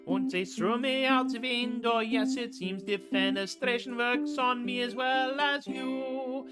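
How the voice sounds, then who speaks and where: A man's voice: extremely high pitch, fairly even intonation, a little slow, voice pushed up. A man voicing a jolly, boastful Bavarian tavern singer with a put-on German accent, singing a comic folk song over guitar. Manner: theatrical, sing-song storytelling. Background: guitar accompaniment.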